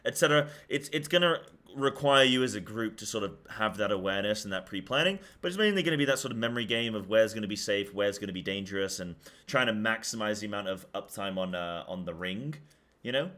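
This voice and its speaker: A man's voice: lowish voice, fast, fairly bright tone. A young man streaming, chatting casually about a game and rambling in loose, filler-heavy sentences. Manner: talks in loose run-on thoughts with many fillers.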